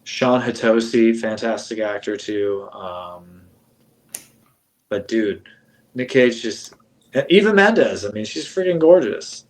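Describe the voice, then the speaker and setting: A man chatting casually as a guest, animated and laughing, swearing as he goes. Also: lowish voice, slow, low-quality recording. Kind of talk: casual chat.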